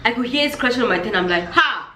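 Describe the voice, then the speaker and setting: A woman vlogger telling a story in a lively storytime vlog, acting out her own reactions as she goes. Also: a little high, racing, reverberant, slight background noise.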